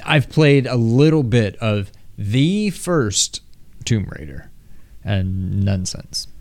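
A man co-hosting a casual gaming podcast, talking in a low-key, unenthused way that trails off. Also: sing-song, slow pace, darkish tone, no room sound. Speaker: podcast co-host.

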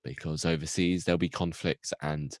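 A man's voice: very deep voice, little pitch movement, normal speed, no room sound. A young man recapping a TV episode in a rambling, self-interrupting comic way on a podcast. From United Kingdom. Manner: rambling, self-interrupting, acts out characters in goofy voices.

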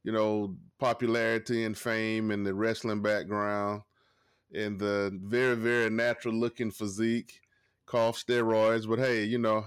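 A man's voice: lowish voice, flat delivery, a little slow, clean tone, no echo, clean studio sound. A man with a Southern accent from Georgia, co-hosting a podcast in easygoing casual chat. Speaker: podcast co-host.

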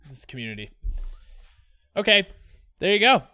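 A man's voice: high voice, sing-song, normal speed, bright, forceful tone. A man co-hosting a podcast, bantering casually and swearing freely in joking chat. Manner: profane, jokey banter. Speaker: podcast co-host.

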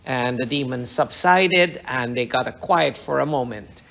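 A man's voice: mid-range voice, unhurried, gravelly, fairly bright tone. A man preaching a sermon, telling a rambling personal testimony with repetitions and restarts. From Guyana. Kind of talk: sermon storytelling.

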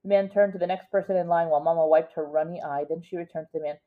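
A woman's voice: on the low side, fairly even intonation, rapid-fire. A woman reading a picture book aloud to a child, stopping to explain words, on a dull lo-fi recording. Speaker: reader to a child.

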